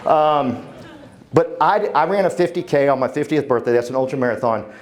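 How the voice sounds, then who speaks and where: A man's voice: medium pitch, moderate pace. A man, giving a fervent, joking motivational talk on a conference stage. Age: 50s. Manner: fervent and humorous, talks to the crowd. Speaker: keynote speaker.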